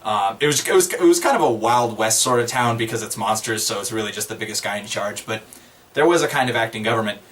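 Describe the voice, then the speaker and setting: Talking fast in a lowish voice, a man gives a rambling, casual account of a tabletop game session. He chuckles often and brings real animation to the retelling.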